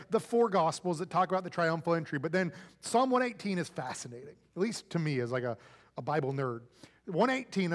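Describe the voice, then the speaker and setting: Man, pastor, high-pitched voice, chatty sermon, church reverb. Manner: conversational, often adds "right?". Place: church sanctuary.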